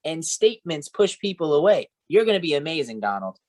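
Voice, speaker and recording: A man's voice: on the high side, very animated, brisk, darkish tone. A man training a sales team, coaching and encouraging, often checking in with "right?" and "okay?".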